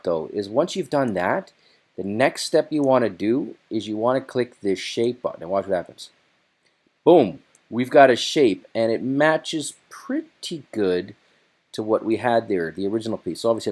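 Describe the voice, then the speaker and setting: A man hosting a casual screen-recorded software tutorial, chatty and loose, thinking aloud as he works. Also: medium pitch.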